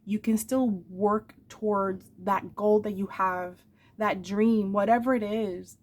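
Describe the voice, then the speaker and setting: A woman's voice: mid-range voice, steady tone, slow, a little mellow. A woman in her forties speaking in an earnest, emotional confessional vlog, calling her viewers "my darlings" and repeating phrases for emphasis. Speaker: vlogger. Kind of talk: heartfelt confessional vlog talk.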